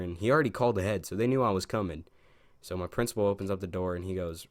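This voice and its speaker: A man's voice: low-pitched, fast talker, no echo. A young man casually telling a story from his school days to his channel, slangy and rambling, with many fillers and restarts. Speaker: storytime vlogger.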